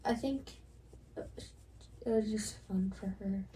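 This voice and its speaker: A woman's voice: medium pitch, slow, warm tone. A young woman co-hosting a podcast in casual chat, giggly and a little hesitant. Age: young adult. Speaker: podcast co-host. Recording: distant mic with faint noise.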